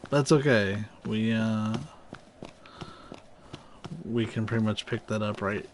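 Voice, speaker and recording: A man with a nasal, slightly low voice chats loosely through a live game stream. He swears casually and talks as he plays. Faint game ambience hums underneath. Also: steady tone, slow pace, slight background noise. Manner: casual, profane, chatty. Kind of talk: live gameplay commentary.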